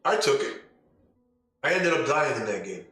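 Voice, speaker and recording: Blunt, forceful man in an echoey room. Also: mid-range voice, big pitch swings, normal speed. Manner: blunt, emphatic rhetorical questions. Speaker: podcast host and dungeon master. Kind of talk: casual opinion monologue. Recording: very echoey room, distant mic, faint music.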